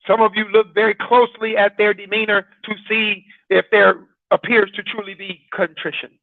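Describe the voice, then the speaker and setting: A man's voice: high-pitched, level tone, normal speed, creaky, no room sound. A man hosting an informal broadcast talk, conversational and full of rhetorical questions to his listeners. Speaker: broadcast host. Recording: dry, tinny phone-like sound.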